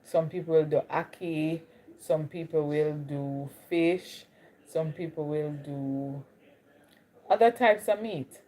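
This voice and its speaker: A woman's voice: sits low, slow, warm tone. A woman from Jamaica with a Jamaican accent, chatting casually on a livestream and greeting viewers by name. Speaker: livestream host. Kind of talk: casual live chat with viewers.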